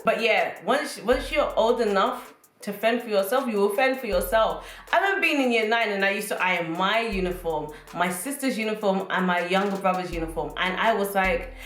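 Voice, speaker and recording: A British woman in her late twenties telling jokes and stories to the camera in an animated, playful way and talking straight to her viewers. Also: medium pitch, brisk. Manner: animated, joking, addresses viewers as guys. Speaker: vlogger. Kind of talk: casual comedic monologue to camera. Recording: roomy echo, faint music.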